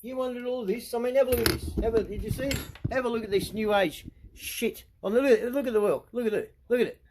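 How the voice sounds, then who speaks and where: A man's voice: very high-pitched, fast, a little mellow, slight background noise, low-quality recording. A middle-aged Australian man ranting into the camera, blunt and sarcastic, swearing a lot. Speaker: vlogger.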